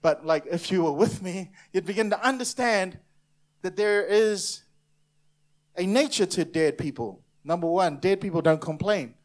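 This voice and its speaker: A pastor from New Zealand preaching an emphatic sermon to a church congregation, now and then acting out other people's voices. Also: male voice, high voice, a little slow.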